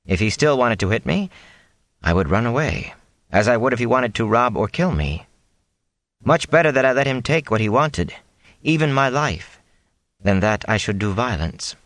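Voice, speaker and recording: A man doing a gentle, endlessly patient elder. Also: medium pitch, very animated, moderate pace, no echo, voice pushed up.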